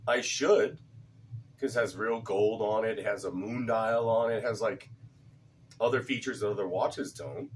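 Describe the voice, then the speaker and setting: Speaking at a normal speed in a voice on the low side, this man rambles through a casual vlog chat about cigars, sometimes repeating himself and cursing now and then. The mic sits at a distance and picks up a bit of background noise.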